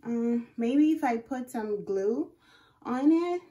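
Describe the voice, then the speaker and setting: A woman's voice: a little high, slow pace, lo-fi sound. A young woman vlogging to viewers and talking herself through a wig install, exclaiming and narrating each step, recorded on a phone camera. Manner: excitable, exclaiming, narrating her own actions to viewers. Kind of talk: casual self-talk while doing a wig install.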